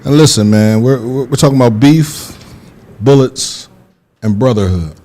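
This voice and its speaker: A man's voice: mid-range voice, measured pace, warm tone. A man hosting a casual radio interview, emotional and choked up, talking in a heartfelt, rambling way. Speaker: radio show host.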